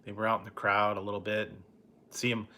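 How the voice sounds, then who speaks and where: A middle-aged man hosting a late-night live stream, telling a rambling, laid-back story with soft chuckles and answering chat. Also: lowish voice, level tone, fast talker. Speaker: food review channel host.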